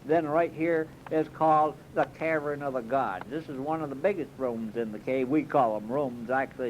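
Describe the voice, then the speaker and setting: A man's voice: fairly high pitch, slight background noise. A man doing a comic monologue as a cave tour guide, rambling in a folksy drawl with bouts of mock alarm. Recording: dull lo-fi recording.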